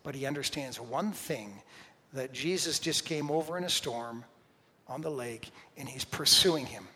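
A male pastor preaching a sermon with dynamic swings from loud declarations to hushed whispers. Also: mid-range voice, a little slow. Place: church sanctuary. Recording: long reverb of a large hall.

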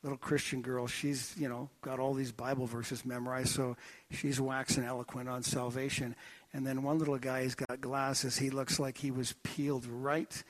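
A man preaching a sermon in a church, telling stories in an animated, joking way. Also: mid-range voice. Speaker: pastor. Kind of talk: sermon with anecdotes.

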